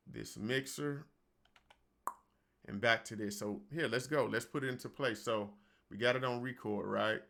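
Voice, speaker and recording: A man's voice: mid-range voice, gravelly, sharp tone. A man hosting a home studio tutorial, talking loosely and conversationally and addressing viewers as y'all. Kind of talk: casual screen-recorded software tutorial. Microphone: studio microphone.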